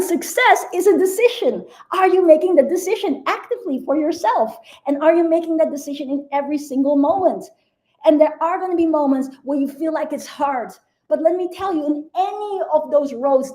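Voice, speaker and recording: High-voiced earnest woman mentor on a livestream. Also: dark tone. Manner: earnest, emphatic, repeats key phrases. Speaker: mentor hosting a live video. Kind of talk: motivational live stream.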